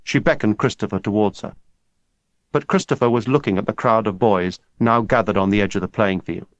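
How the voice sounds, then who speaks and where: A man narrating an audiobook in a measured, steady storytelling manner. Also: lowish voice, no room sound. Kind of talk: scripted narration. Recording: dull lo-fi dry recording.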